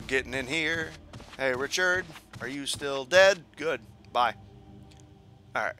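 A man's voice: medium pitch, takes it slowly, long pauses. A young man giving casual let's-play commentary, rambling and repeating himself as he thinks aloud. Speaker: gaming video host. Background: game music.

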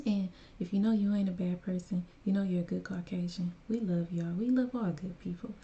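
A woman hosts a reaction video and speaks straight to her viewers, handing out emphatic, preachy advice. Her voice is lowish and very dark and mellow in tone. The recording sounds muffled and lo-fi. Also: steady tone, brisk. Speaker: reaction channel host. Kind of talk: casual reaction commentary.

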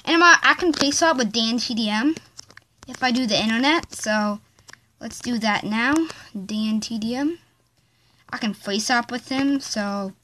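A woman talks unhurriedly in a slightly high voice, hosting a casual home video from her bedroom. Her chat rambles along with fillers and small restarts as she plays around with an app. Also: bright, forceful tone. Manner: slow, rambling, chatty with fillers. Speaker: video host. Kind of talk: casual chat while playing a phone app.

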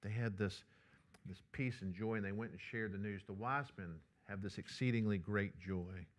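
A male pastor, preaching a sermon and telling a personal story in a lively, conversational way. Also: fairly low pitch, moderate pace.

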